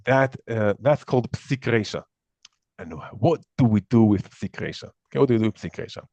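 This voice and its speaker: A man's voice: fairly low pitch, a little fast, warm tone, dry recording, muffled recording. A man teaching a live class, explaining step by step, often repeating words and restarting sentences. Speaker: Torah teacher.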